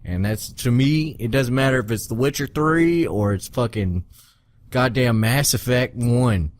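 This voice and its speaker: A man's voice: medium pitch, measured pace, dry recording. A man co-hosting a casual gaming podcast, swearing freely and acting out his own reactions as he talks. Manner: profane, emphatic, acts out his own reactions. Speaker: podcast co-host.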